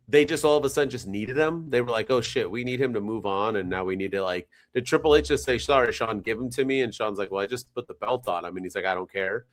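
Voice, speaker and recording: A man co-hosting a podcast, chatting casually in an animated, rambling, jokey way. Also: mid-range voice. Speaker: podcast co-host. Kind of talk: casual chat.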